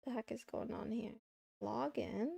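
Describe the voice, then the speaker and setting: A woman's voice: on the high side, unhurried, creaky, mellow, slightly rough, dry recording. A woman streaming from her desk at home, chatting casually and playfully and teasing her chat. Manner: playful, teasing chat, meowing between remarks.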